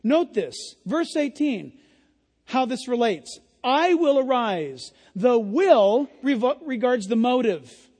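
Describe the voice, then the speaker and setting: A man pastor preaching an impassioned sermon, often yelling and emphatic. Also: extremely high pitch, animated, takes it slowly, slightly rough, big-room sound.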